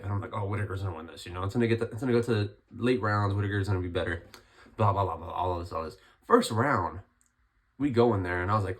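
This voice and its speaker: Hoarse, lowish young man; rambling casual fight recap vlogger, voice still rough from illness. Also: fast talker. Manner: chatty, rambling, lots of restarts. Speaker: MMA commentary vlogger.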